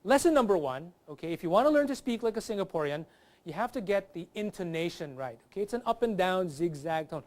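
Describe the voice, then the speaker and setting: Man, comedian guest, lively stand-up delivery. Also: high voice, fast talker. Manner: lively, does accent impressions. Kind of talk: stand-up comedy bit on a talk show.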